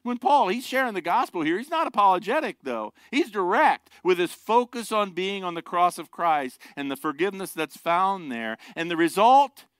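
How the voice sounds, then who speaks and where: A man's voice: high-pitched, animated, moderate pace, hardly any pauses, fairly bright tone, smooth, no room sound. A middle-aged man preaching a sermon, a pastor who talks conversationally and jokes with the congregation. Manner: conversational, joking asides to the congregation.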